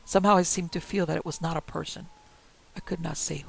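A man reads a ghost story in a deeply gravelly, husky voice, pitched a little high for a man. His delivery is dramatic and hushed, slipping often into whispers. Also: level tone, a little fast, rough recording. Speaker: narrator.

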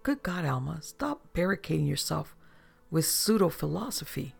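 A blunt, outspoken young woman who challenges everything, as a reader voices her. She sounds gravelly and husky over soft music in an audiobook. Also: medium pitch, very animated, normal speed, full character voice. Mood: exasperated.

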